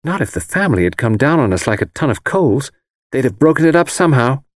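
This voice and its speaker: A man's voice: mid-range voice, sing-song, fast talker, dry recording, studio quality, voice pushed up. A man doing an earnest, worried young bride. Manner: earnest, questioning. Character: anxious newly married young woman.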